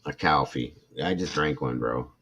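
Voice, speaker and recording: A middle-aged man hosts a true crime livestream, reading a report aloud with an extremely low, slightly bright voice at a moderate pace. He gets emotional and irritated as he goes, addressing his chat viewers by name.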